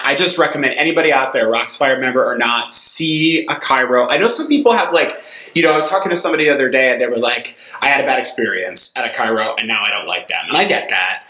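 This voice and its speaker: Bright-voiced man in an echoey room. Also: mid-range voice. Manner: loose and rambling, many fillers. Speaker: podcast co-host. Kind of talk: casual podcast chat. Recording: dull, roomy lo-fi sound.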